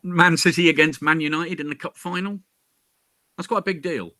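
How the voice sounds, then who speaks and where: A chatty man talking casually as an interview guest, full of jokey asides and quick restarts. His voice has a bright, forceful edge. The sound is dry and close, with no room around it. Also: fairly high pitch, steady tone, dry recording. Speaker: crime author interviewed as guest. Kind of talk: casual chat.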